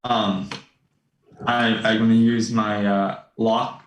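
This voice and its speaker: A man's voice: lowish voice, flat delivery, takes it slowly, echoey room, poor audio. A man playing a tabletop game, hesitant and full of ums. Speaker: player. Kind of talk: casual tabletop game play.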